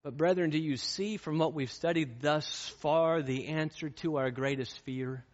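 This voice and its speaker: A man's voice: fairly high pitch, a little slow, in a large hall, muffled recording. A man preaching a sermon, storytelling and then pressing his points with fervent, rising intensity. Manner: impassioned, rising to fervent peaks.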